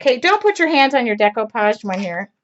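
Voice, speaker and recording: A woman in her forties chats through a live crafting stream, her voice sitting a little high. She rambles from story to task, laughing and making fun of herself. The sound is dull and lo-fi, as if from a webcam mic. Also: sing-song, a little fast, background noise. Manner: rambling, laughing, self-deprecating. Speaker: craft livestream host. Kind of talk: casual chatty storytelling while crafting. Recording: lo-fi livestream audio.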